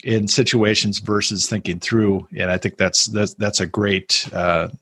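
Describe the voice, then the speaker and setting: Low, husky-voiced male interviewer. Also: fairly even intonation, measured pace, a bit bright. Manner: rambling questions, frequent fillers and restarts. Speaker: interview host. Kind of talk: conversational interview.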